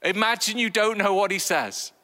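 A man preaching a sermon, animated and acting out voices with big swings in pitch. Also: moderate pace, big-room sound.

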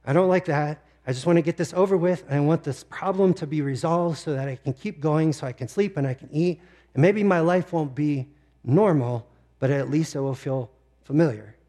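Soft-toned male pastor telling a personal story. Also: on the high side, moderate pace. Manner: personal storytelling, emotional, tearing up at times. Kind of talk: sermon.

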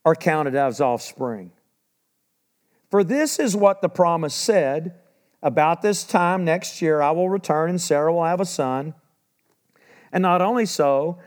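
A middle-aged man with a fairly high voice preaches a sermon. He reads scripture steadily, then drops into loose, conversational explanation. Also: darkish tone. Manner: reads verses then breaks into casual asides.

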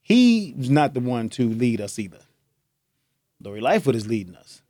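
A man's voice: medium pitch, big pitch swings, moderate pace, mellow, dry recording, clean studio sound. A young man hosting a podcast, talking in a loose, joking monologue and laughing often. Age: young adult. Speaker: podcast host. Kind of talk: casual monologue.

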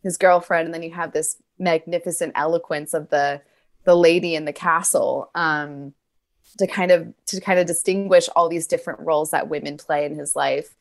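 A woman's voice: low-pitched, fairly even intonation, normal speed. A woman discussing a film and a poem in a thoughtful, reflective way.

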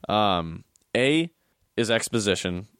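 A man's voice: lowish voice, expressive, takes it slowly, fairly bright tone, clean tone, dry recording, clean studio sound. A man co-hosting a casual podcast chat, talking through a story in a thoughtful, analytical way. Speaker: podcast co-host.

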